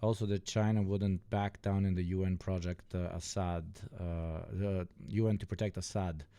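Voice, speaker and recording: A man's voice: low-pitched, steady tone, normal speed, mellow, clear, resonant tone, no echo. A man from the Balkans livestreaming a reaction, chatting loosely with his viewers and cursing as he jokes. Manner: loose, profane, joking asides to chat. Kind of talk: casual reaction stream chat.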